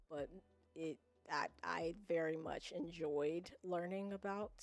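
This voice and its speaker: A woman's voice: low-pitched, a little mellow. A young American woman chatting casually with her viewers while streaming a game, rambling and often laughing between remarks. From United States.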